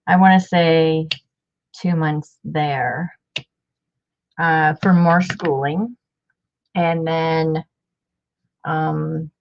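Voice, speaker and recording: A middle-aged woman talks slowly and casually as she crafts, circling back with fillers and small asides. Her voice sits low, and the recording sounds a little dull and lo-fi. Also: a little mellow. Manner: chatty, rambling, many fillers. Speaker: crafting vlogger.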